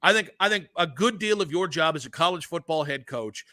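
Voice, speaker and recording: A man co-hosting a sports radio show, chatting in an animated way with quick asides. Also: fairly high pitch. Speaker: radio co-host.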